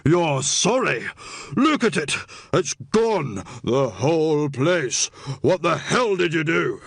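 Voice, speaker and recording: A male narrator puts on an enraged man in an audiobook, his gravelly, slightly husky voice leaping up and down as he hurls accusations. He drags the words out slowly, recorded dry and close. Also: fairly high pitch, very animated, dry recording, exaggerated voice. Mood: furious. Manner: furious, disbelieving shouting.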